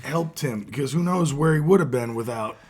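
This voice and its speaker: A man's voice: medium pitch, expressive, a little fast, crowd noise. A man co-hosting a sports talk show, chatting casually and laughing along. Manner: laughing, chiming in.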